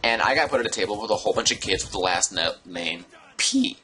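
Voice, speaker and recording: A young man telling a story casually to his viewers, rambling and digressing with an animated delivery. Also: fairly low pitch, fast. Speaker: vlogger.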